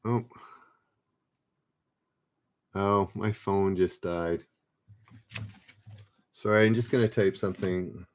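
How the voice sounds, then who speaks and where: A man's voice: low-pitched, steady tone, unhurried. A man hosting a live-streamed pub quiz, reading questions aloud and chatting as he calls out players' names. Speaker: trivia quiz host.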